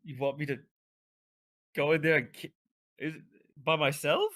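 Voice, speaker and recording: A man's voice: a little high, fairly even intonation, a little slow, fairly bright tone. A man playing his character in a tabletop game, talking casually with hesitant, incredulous questions. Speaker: player.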